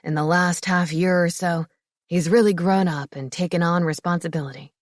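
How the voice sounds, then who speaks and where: A woman's voice: fairly low pitch, steady tone, moderate pace, no echo, studio quality, close to an everyday voice. A woman voicing a proud older male pack leader giving a speech about his son. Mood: proud, joking.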